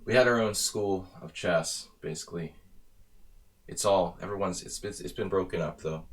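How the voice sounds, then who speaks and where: This is a low-pitched American man commentating his own blitz chess game on a live stream. He thinks out loud, weighing moves in a loose, conversational way, and slips in wry offhand asides. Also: moderate pace. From near Philadelphia, USA.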